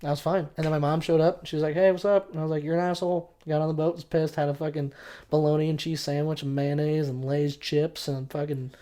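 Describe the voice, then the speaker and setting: A man's voice: a little high, little pitch movement, fast, mellow. A young man co-hosting a podcast in casual chat, joking crudely and swearing often. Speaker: podcast co-host.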